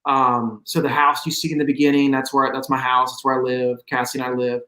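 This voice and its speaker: A man guesting on an interview, speaking casually and hesitantly, full of little fillers. His voice has a roomy echo around it, at an ordinary middle pitch. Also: flat delivery, fairly quick, bright, forceful tone. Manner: easygoing, hesitant, many fillers. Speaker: musician guest.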